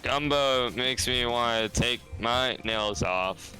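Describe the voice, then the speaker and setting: A young man rambling deadpan and self-mocking in casual chat while playing a co-op game with a friend. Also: medium pitch, slow pace, soft background music. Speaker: co-op gaming guest.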